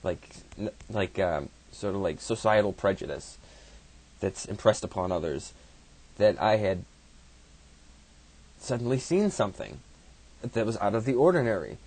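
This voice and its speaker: A low-voiced man with a husky edge tells a personal story off the cuff. He swears freely and stumbles through restarts as he talks. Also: very animated, darkish tone. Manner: halting, profane, full of restarts.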